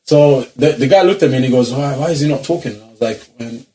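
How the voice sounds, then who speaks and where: Fast-talking man telling stories. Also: mid-range voice. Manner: animated storyteller, slang-heavy, laughs through his stories. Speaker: podcast co-host. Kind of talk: casual storytelling chat.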